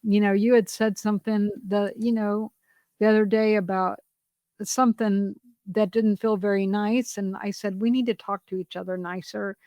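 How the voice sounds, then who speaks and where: A woman's voice: mid-range voice, moderate pace, dry recording. Middle-aged woman, podcast co-host; candid storyteller, dry recording. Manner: open, confessional storytelling with lively re-enacted quotes. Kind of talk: candid casual chat.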